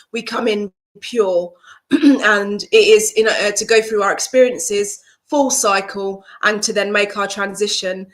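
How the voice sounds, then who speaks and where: A woman reads cards live for an online audience. Her voice is bright and clear, at an ordinary pitch. She welcomes viewers by name and talks them through each card in a flowing, spiritual way. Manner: warm greetings to viewers, flowing spiritual explanation. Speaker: psychic card reader. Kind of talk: live-streamed card reading. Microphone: video call setup.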